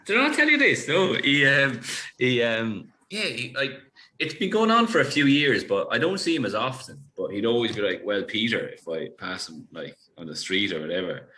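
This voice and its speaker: An Irish man, a podcast guest, telling a story in casual chat with animated, laughing delivery. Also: mid-range voice, normal speed. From Ireland.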